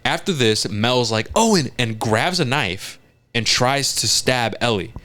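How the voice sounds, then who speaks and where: A man co-hosting a casual podcast, retelling a scene in animated detail, acting out lines and swearing often. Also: medium pitch, unhurried. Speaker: podcast co-host.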